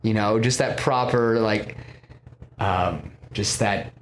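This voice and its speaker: A man hosting a podcast, rambling through a film pitch in casual, filler-heavy storytelling. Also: slow pace, a little hiss or hum. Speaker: podcast host.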